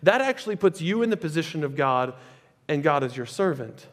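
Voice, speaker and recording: A male pastor preaching a sermon in a conversational, animated way, with chatty asides. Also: on the high side, brisk. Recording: echoey hall with long reverb.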